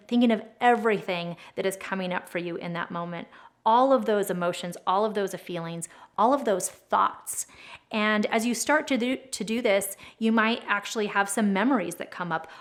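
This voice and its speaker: A young adult woman explaining a tapping technique as an educator, speaking gently and slowing down to stress key words. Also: mid-range voice. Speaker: trauma educator and advocate. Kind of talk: instructional explainer video.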